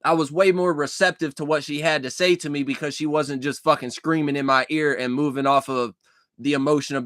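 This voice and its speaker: Another take on the long dream story: a young vlogger in a mid-range voice with a fairly bright tone, swearing, repeating and restarting as he rambles through it. The recording is dry.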